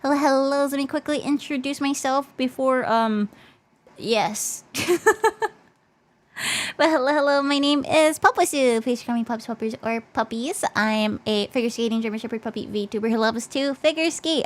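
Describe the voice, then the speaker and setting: A woman streaming as a VTuber in casual chat, bubbly and talkative, her voice worn and fading. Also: on the high side. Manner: bubbly and chatty, switching between English and Japanese.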